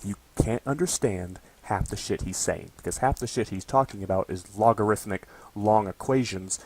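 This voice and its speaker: A man's voice: lowish voice, a little mellow, husky. A young man in college ranting casually to camera, swearing often and tagging his lines with "okay?". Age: young adult. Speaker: college student vlogger.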